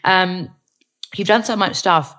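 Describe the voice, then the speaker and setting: Bubbly low-voiced woman with a slight lisp. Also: takes it slowly, a bit bright. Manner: bubbly, enthusiastic, rambling. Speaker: podcast host. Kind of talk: casual interview chat.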